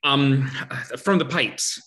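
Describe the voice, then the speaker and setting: A man's voice: mid-range voice, slow pace. A man voicing a flustered, exasperated young man in an amateur audio drama. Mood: baffled. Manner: shouts in alarm, then dry and baffled.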